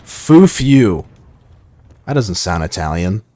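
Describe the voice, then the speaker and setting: A man's voice: sits low, sing-song, slow pace, mellow. A man streaming a shooter game live, chatting casually in a rambling, playful way and reading viewer messages aloud. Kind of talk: casual live gameplay chat.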